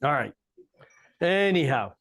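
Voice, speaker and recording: A male astrologer talking to a live audience in a coffeehouse, in a voice pitched a little high. He explains in a relaxed way and drops in wry joking asides. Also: takes it slowly.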